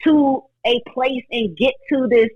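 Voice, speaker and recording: A woman's voice: high voice, a little slow, a crowd in the background. A woman guest on a faith-based talk show, speaking earnestly and reflectively, often voicing her own thoughts aloud. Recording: dull lo-fi audio.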